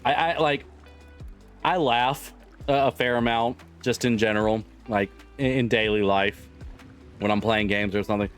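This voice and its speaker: Brief: male streamer, mid-pitched everyday voice, casual chat to viewers, quick to laugh and curse, low music bed. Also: fairly even intonation. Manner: laughs often, swears freely, rambling with restarts. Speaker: livestreamer.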